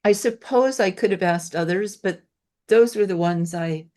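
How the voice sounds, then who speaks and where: A woman's voice: mid-range voice, moderate pace, warm tone. A woman interviewing a guest, reacting with enthusiastic, affirming remarks and then telling her own stories. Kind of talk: conversational interview.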